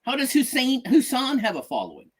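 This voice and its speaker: A man's voice: extremely high pitch, huge pitch swings, fairly quick, a bit bright, slightly rough. A middle-aged man co-hosting a podcast in casual chat, joking and repeating himself. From outside the United States. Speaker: podcast co-host.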